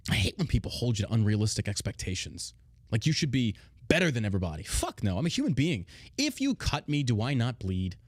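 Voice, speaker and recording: A man's voice: mid-range voice, big pitch swings, fast, no echo, clean studio sound. A man hosting a podcast, ranting casually with brash sarcasm and lots of swearing. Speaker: podcast host. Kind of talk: casual profane rant.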